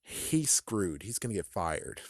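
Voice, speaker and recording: Animated man swearing through a book review. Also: sits low, slow pace, no room sound, clean studio sound. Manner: animated and swearing, acting out characters in bursts. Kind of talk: casual spoken book review.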